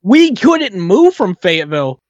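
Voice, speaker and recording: Casual co-host, quick interjections, dry sound. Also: medium pitch, big pitch swings, a little mellow, no room sound, lo-fi sound. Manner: chatty, interjecting, swears casually. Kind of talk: casual chat.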